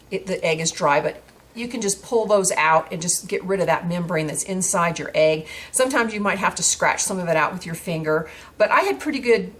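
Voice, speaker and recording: A woman with a fairly low voice hosts a craft tutorial and explains each step as she works. She talks in a chatty, easygoing way, full of fillers and small restarts. A faint hiss sits under the recording. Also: fairly bright tone. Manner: chatty, with many fillers and restarts while working.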